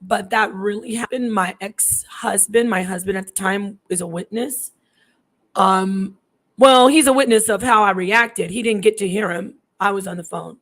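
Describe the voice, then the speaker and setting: A woman's voice: mid-range voice, moderate pace, fairly bright tone. Chatty woman telling a ghost story. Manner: chatty, digressive, restarts often, acts out quoted voices. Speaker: host telling a personal story. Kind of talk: casual storytelling to camera.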